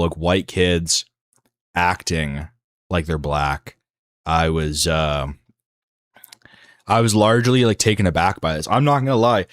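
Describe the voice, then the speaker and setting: A man's voice: low voice, dry recording, clean studio sound. A man hosting a livestream, talking in a casual, rambling monologue full of fillers and restarts. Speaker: livestream host.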